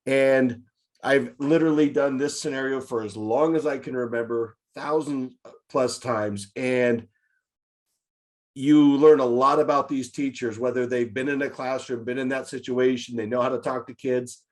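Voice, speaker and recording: A man's voice: mid-range voice, moderate pace. Chatty man hosting a meeting. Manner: lively storyteller, acts out scenarios. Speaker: meeting host, childcare director. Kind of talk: casual meeting talk. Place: online meeting.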